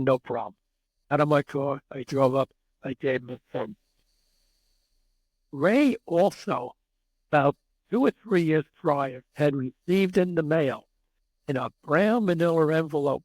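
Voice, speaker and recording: A husky man in his eighties tells stories as an interview guest, raising his slightly high voice to act out the dialogue. His delivery is animated, and the recording is dry and close. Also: no echo, poor audio. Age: 80s. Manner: animated storyteller who acts out dialogue. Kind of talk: storytelling interview.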